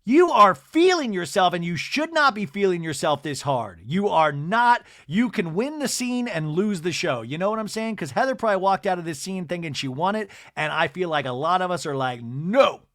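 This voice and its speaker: Animated, campy male podcast host. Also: high-pitched, a little fast, hardly any pauses, no room sound, clean studio sound. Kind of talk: comic reality-TV recap.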